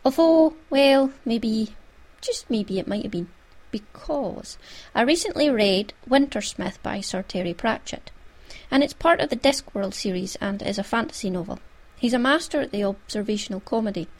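A Scottish woman hosts her own podcast in a relaxed, chatty way. She talks at an everyday middle pitch and keeps slipping in little asides. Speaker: podcast host. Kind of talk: casual podcast chat.

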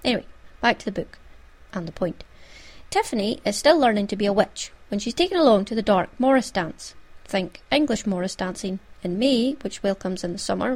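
A Scottish woman hosts her own podcast in a relaxed, chatty way. She talks at an everyday middle pitch and keeps slipping in little asides. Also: brisk. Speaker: podcast host. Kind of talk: casual podcast chat.

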